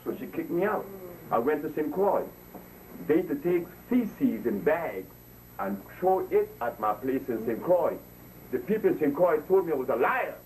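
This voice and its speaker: A man's voice: on the high side, sing-song, moderate pace, a little mellow. A man addressing an audience in an impassioned lecture, preachy and emphatic, repeating words for emphasis. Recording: distant mic with faint noise.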